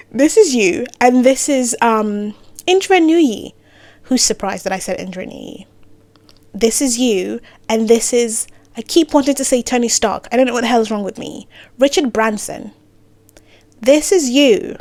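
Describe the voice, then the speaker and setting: A woman with a slightly high voice gives casual career advice straight to camera. She keeps breaking off for playful asides and self-corrections. She sometimes sinks into soft near-whispers, and the recording is dry, with no room sound. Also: normal speed, no echo. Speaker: creator giving career advice.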